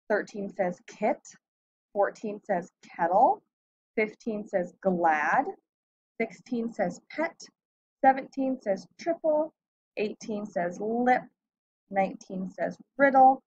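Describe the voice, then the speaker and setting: A woman teaching a phonics lesson, reading words slowly and clearly one by one. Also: medium pitch, a little mellow, dry recording, lo-fi sound. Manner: slow, clear word-by-word reading.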